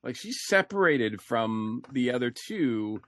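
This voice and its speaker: A man's voice: medium pitch, expressive, takes it slowly, a bit bright, no echo. A man co-hosting a casual review podcast, talking in a rambling way with lots of fillers and restarts. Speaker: podcast co-host.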